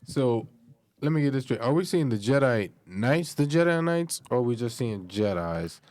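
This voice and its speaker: A man's voice: mid-range voice, lively intonation, normal speed, darkish tone. A man in the middle of his range, talking in a casual chat-show way. He sounds sarcastic and mocking, brushing off the other side and keeps putting money on his own view. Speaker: podcast co-host.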